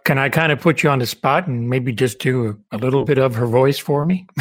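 A man hosting an interview show, asking casual questions in a halting way, rephrasing as he goes. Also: mid-range voice. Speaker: podcast host.

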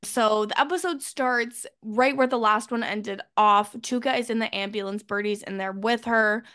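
A woman co-hosting a podcast, chatting casually and loudly as she recaps a TV episode and acts out the characters' lines. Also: fairly high pitch, moderate pace, smooth, no room sound, studio quality. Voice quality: loud. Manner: animated, acts out characters' lines when retelling. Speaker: podcast co-host.

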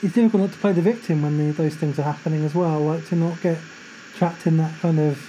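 A woman's voice: low-pitched, steady tone, fast talker, warm tone, slight background noise, rough recording. A woman hosting a podcast, chatty and agreeable, filling her talk with "you know" and "like". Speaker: podcast host. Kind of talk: casual faith podcast chat.

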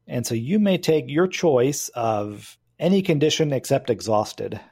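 A man's voice: medium pitch, expressive, a little slow, a little mellow, slightly rough. A man acting as game master, explaining rules and narrating a tabletop game with frequent hesitations.

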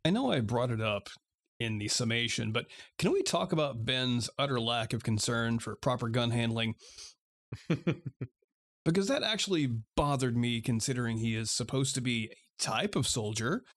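A man co-hosting a podcast in casual chat, making quick joking quips. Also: mid-range voice, expressive, a bit bright. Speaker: podcast co-host.

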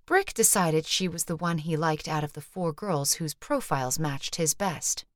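Woman narrating with a low voice. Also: normal speed, no room sound, clean studio sound. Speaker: audiobook narrator. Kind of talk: scripted narration.

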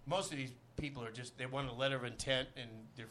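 A man's voice: mid-range voice, fairly even intonation, fast, fairly bright tone. A man, a guest actor, telling a rambling, profane anecdote full of "you know" in a podcast interview.

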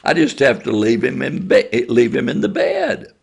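Guy reading as a frazzled mom begging for help, creaky low voice, slow and husky. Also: huge pitch swings, heavily acted. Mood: pleading. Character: harried working mother, pleading and apologetic.

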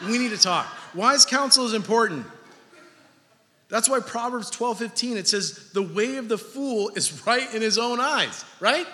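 A man in his thirties preaching a sermon, animated and jokey, acting out little everyday scenes to make his points. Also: very high voice, normal speed. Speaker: pastor. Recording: long hall reverb.

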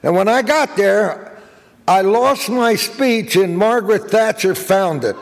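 An older man giving a guest speech, telling jokey anecdotes as an animated raconteur. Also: high-pitched, slow, creaky, in a large hall, heavy background noise. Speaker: guest speaker.

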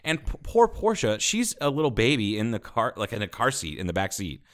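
A middle-aged man and podcast co-host telling a story in casual chat, animated, swearing and laughing as he goes. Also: mid-range voice, brisk.

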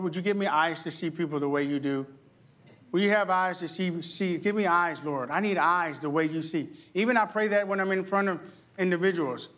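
Lively storytelling male pastor. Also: a little high. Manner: animated storyteller, jokes and acts out quotes. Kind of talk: sermon with storytelling.

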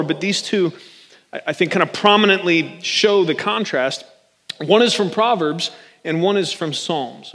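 A man's voice: sits high, fairly bright tone, big-room sound. A man preaching a casual, joking sermon as a pastor, often checking in with his listeners. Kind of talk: conversational sermon.

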